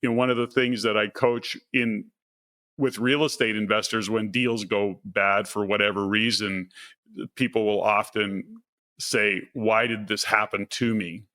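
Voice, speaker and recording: A man's voice: fairly low pitch, flat delivery, unhurried, pushed and bright. A man hosting a podcast interview, thinking aloud in long, looping sentences. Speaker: podcast host. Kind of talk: conversational interview.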